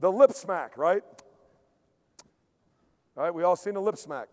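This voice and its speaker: A man, a strength coach, giving an emphatic conference lecture, repeating key points and dropping into quiet acted-out asides. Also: sits high, animated, slow pace. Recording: long hall reverb.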